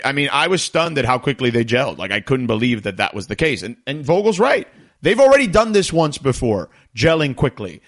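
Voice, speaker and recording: A man hosting a sports talk radio show, rambling energetically and jumping up in pitch when excited.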